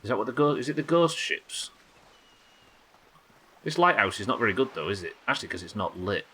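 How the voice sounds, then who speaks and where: A man streaming a game live, talking in quick excitable bursts and chatting to his viewers. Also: on the low side, husky. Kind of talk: live gameplay commentary.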